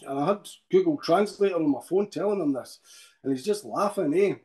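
A Scottish man speaks as a podcast guest in a soft, mellow voice pitched a little high. He tells his story with feeling, halting and restarting, and tags his sentences with "eh?". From Scotland. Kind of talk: personal account in a podcast interview.

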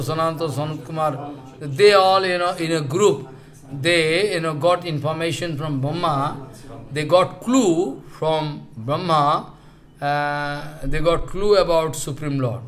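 A man teaching a scripture class, retelling a story in halting, repetitive, non-native English. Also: a little high, a bit bright. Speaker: scripture lecturer.

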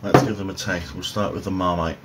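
Dry, offhand man, low-pitched. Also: steady tone, a little fast. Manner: dry, offhand, self-mocking. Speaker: food reviewer. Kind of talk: casual food review vlog. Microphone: overhead phone camera. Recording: faint room noise, phone audio.

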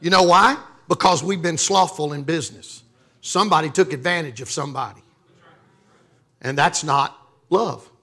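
A man's voice: on the high side, normal speed, pauses often, bright, forceful tone. A man from Louisiana preaching a sermon as pastor, joking and calling on the congregation to respond. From Louisiana, USA.

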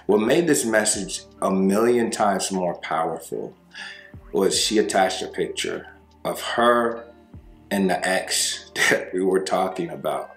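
A man with a fairly low voice coaches viewers through breakups in a relaxed, conversational monologue. He keeps checking in with "right?" and "you know" and acts out short exchanges. The room sounds echoey and there is faint music underneath. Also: slow, creaky.

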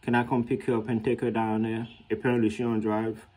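A man vlogging in a casual storytelling way, animated and slangy, laughing often and acting out what others said in a raised voice. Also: on the low side, fairly quick, slightly rough. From Haiti.

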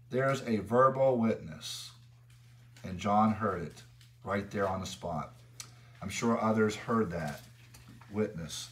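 A male pastor delivering an expository sermon in a church. His voice sits at a middle pitch and carries some distance to the microphone. He grows louder and higher whenever he reads scripture aloud. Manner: emphatic, rises in pitch and volume when reading scripture aloud. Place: church sanctuary.

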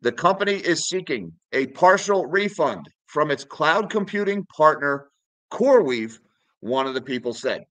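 A man's voice: fairly high pitch, animated, moderate pace, fairly bright tone, no room sound, poor audio. A man hosting a finance video, casually talking viewers through charts and news articles and calling them guys. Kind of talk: casual market commentary.

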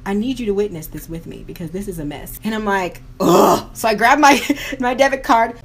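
A young woman vlogging at home while doing her makeup, telling a story with lots of drama, slang and quoted voices, recorded on a camera mic. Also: medium pitch. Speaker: beauty vlogger.

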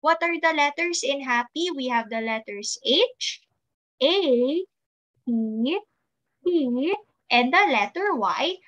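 A woman teaching a recorded preschool class, speaking in a slow, sing-song voice with rising questions to small children. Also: high-pitched, animated, fairly bright tone, lo-fi sound.

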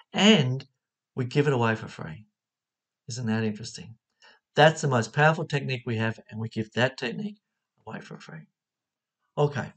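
A spiritual teacher gives a motivational talk, the voice swinging widely in pitch. The delivery is expressive and keeps putting questions directly to the listener.

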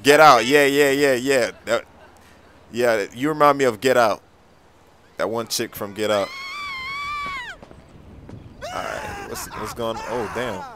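A young man giving casual, excitable game commentary, full of slang and repeated reactions. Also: medium pitch, a little slow, pauses often, shouting, noisy background. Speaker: gameplay commentator.

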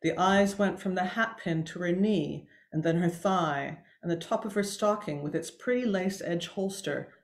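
Woman author reading her novel aloud in an echoey room. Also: on the low side. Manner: measured, expressive reading with some slips.

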